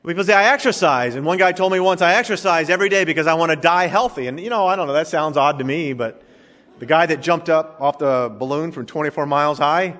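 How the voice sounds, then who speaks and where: A male pastor with a fairly high, fairly bright voice preaches a sermon in a conversational, joking style. The church sanctuary gives the recording the long reverb of a large hall.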